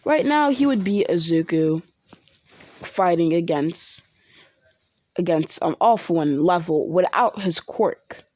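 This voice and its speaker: A woman narrates an improvised fan story, rambling and restarting as she goes. Her voice is lowish and mellow. The sound is dry and close. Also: no room sound.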